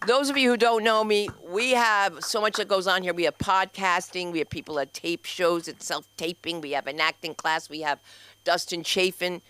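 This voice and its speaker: A woman doing a stand-up comedy set and hosting an open mic, loud and animated, acting out the people in her stories. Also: on the low side, moderate pace, clean tone. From New York. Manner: loud, animated storytelling with acted-out quotes. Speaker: comedian and host. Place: small comedy club stage.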